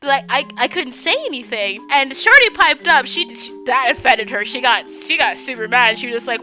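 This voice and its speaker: A woman in her twenties telling a rambling, animated story for a vlog, full of "like" and "you know.". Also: sits high, moderate pace, few pauses, faint music behind, rough recording. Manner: rambling, filler-heavy, animated retelling. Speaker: vlogger.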